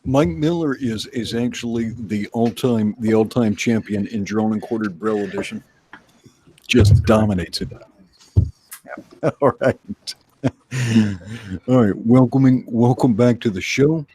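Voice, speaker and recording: A man's voice: medium pitch, a little slow, long pauses, mellow, husky. A man hosting a live art stream, joking dryly and reading out viewer messages. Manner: dry joking, reads viewer messages aloud. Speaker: show host. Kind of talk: casual livestream banter.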